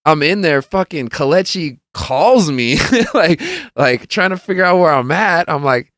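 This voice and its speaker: A man's voice: fairly high pitch, expressive, a little slow, a bit bright, no echo, clean studio sound. A young man hosting a podcast, telling a rambling party story in casual chat, swearing freely, laughing often and acting out what people said. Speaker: podcast host.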